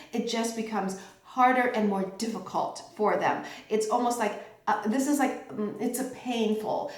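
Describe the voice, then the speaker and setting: Chatty middle-aged woman teaching in an echoey room. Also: a little high. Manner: chatty, checks in with "okay?" and "right?". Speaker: tarot teacher. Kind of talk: informal teaching talk.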